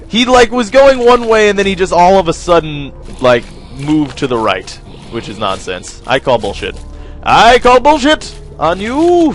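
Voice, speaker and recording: A man's voice: medium pitch, a bit bright. A young man rambling wryly through let's play commentary, drifting off topic and swearing when frustrated. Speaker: gameplay commentator.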